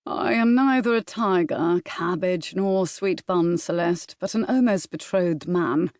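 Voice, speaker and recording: A woman voicing a young English gentleman in a novel, speaking firmly and clipped. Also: fairly low pitch, measured pace, no room sound, clean studio sound, close to an everyday voice. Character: young English gentleman, a betrothed man, firm.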